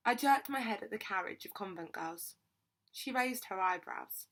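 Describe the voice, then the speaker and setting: A woman's voice: medium pitch, expressive, normal speed, a bit bright. Woman reading a children's novel. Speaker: reader.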